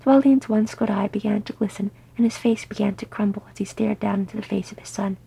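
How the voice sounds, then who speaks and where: A woman narrating a story aloud in soft, unhurried reading. Her voice is gravelly and deeply husky, with a mellow tone. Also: fairly even intonation, poor audio. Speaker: audiobook reader. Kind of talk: reading fan fiction aloud.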